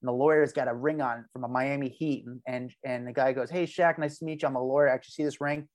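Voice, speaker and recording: A man's voice: mid-range voice, fast talker. A man, a podcast guest, telling a long story with energy and acting out the quotes. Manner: animated storyteller, acts out quoted lines. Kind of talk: casual podcast chat.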